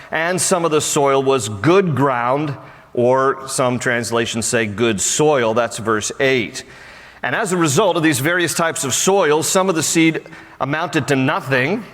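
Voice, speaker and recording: A male pastor preaching a sermon in a conversational, humorous way, with animated asides. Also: medium pitch. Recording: long hall reverb.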